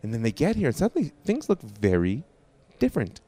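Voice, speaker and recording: A man's voice: mid-range voice, wildly swooping pitch, a little fast, dark tone, husky, no room sound. A man, a rabbi and guest, talking casually and emphatically, reasoning aloud with rhetorical questions. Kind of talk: casual conversation.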